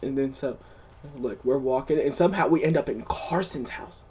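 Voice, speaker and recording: A young man casually telling the story of a dream, excitable, swearing often and restarting his sentences. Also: mid-range voice, moderate pace, husky. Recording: distant mic.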